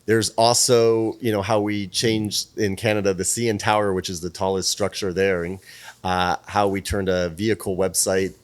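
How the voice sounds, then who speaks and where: Animated storytelling man, lowish voice. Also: normal speed. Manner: animated, profane, plays out dialogue. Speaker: podcast guest, PR firm president. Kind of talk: casual storytelling.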